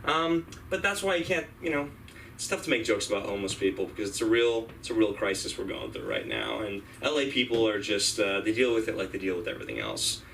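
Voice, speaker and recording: A man from San Francisco hosts a comedy open mic. His delivery swoops and leaps in pitch, and his voice is bright and fairly high. A distant mic leaves faint room noise around him. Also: big pitch swings, fast, vocal fry. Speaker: comedy show host. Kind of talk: stand-up emceeing.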